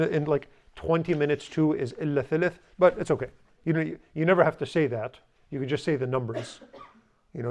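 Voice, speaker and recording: A man's voice: a little high, mellow. A man teaching a language class, blunt and joking, drilling students to repeat after him. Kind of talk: classroom lesson.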